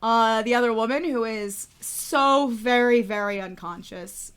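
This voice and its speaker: Game master, woman, high bright voice, loose and playful narration. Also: smooth. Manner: playful, swearing, quick asides.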